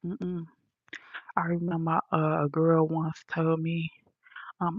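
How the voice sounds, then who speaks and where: A woman ranting bluntly and profanely to her viewers, talking softly into a headphone mic at home in a condo. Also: deep voice, level tone, slow pace, pauses often, slightly rough, dry recording, lo-fi sound. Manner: blunt, profane, soft-spoken. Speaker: vlogger. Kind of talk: casual rant to viewers. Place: high-rise condo.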